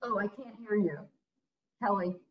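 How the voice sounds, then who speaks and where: A woman's voice: mid-range voice, normal speed, slight background noise. Middle-aged woman, visiting artist lecture, chatty, candid, muffled video call sound. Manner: chatty and candid, laughing at her own stories.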